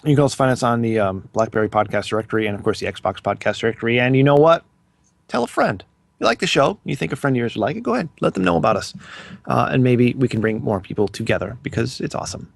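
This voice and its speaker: Guy cohosting a podcast, gravelly voice, laid back and chatty, dry sound. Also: mid-range voice, lively intonation, very fast, dry recording. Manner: easygoing, chatty. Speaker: podcast co-host. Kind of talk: casual podcast chat.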